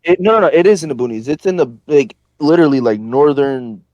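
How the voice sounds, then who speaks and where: A man from northern Florida, a podcast guest telling a rambling, profane, animated story with plenty of fillers. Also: fairly high pitch, quick pace, no echo, muffled recording. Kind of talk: casual storytelling.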